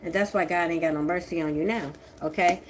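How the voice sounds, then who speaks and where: A woman doing a tarot reading, talking in a profane, confrontational way that swings from a low mutter to shouting. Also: fairly even intonation, a little fast, slight background noise. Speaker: tarot reader. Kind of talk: angry tarot reading monologue.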